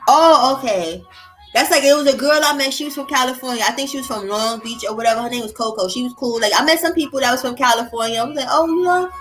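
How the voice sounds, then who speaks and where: A woman's voice: fairly high pitch, quick pace, faint music behind. A woman hosting a casual mukbang chat, telling stories animatedly and acting out what people said. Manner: animated storytelling, acts out quotes. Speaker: host.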